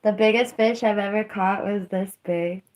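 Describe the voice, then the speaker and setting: A woman's voice: medium pitch, steady tone, normal speed, a little mellow. A woman livestreaming, telling rambling stories between laughs and answering her chat.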